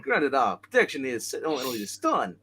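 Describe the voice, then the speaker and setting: A man's voice: medium pitch, wildly swooping pitch, normal speed, bright, forceful tone, a little hiss or hum. A man voicing a swaggering, agile male hero with a put-on Irish accent in a comic book read-aloud, joking and breaking character with asides. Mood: playful.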